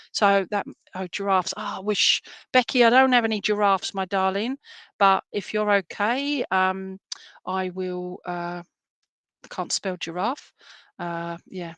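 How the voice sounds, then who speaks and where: A woman's voice: medium pitch, clear, resonant tone, no echo. A woman who works as a medium, giving live readings in a loose, rambling way with lots of fillers and pet names for viewers. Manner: rambling, warm terms of address, many fillers. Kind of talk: live-stream reading, casual chat.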